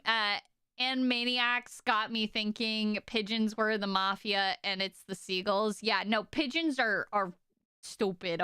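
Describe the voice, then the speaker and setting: A young woman streaming casually to her chat, telling stories in an animated, exaggerated way with lots of "like" and "okay?". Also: mid-range voice, smooth, no room sound, studio quality.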